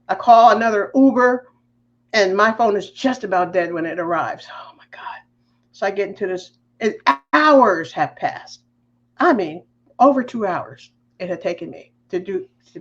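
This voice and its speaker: A woman on a podcast, telling a personal faith story in a lively, emotional way. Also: lowish voice, lo-fi sound. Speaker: podcast guest.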